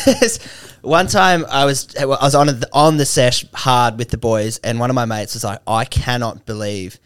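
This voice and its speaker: A man's voice: medium pitch, normal speed, hardly any pauses, fairly bright tone, clean tone, no room sound. A young man chatting casually on a podcast, trading dry quips and laid-back anecdotes. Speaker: comedian.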